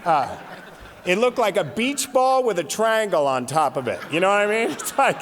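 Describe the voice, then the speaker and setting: A man's voice: high voice, big pitch swings, moderate pace, fairly bright tone. A man in his forties telling comic stories as a recovery meeting speaker, laughing at his own lines. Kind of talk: comic storytelling talk. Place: large convention hall. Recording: reverberant hall recording.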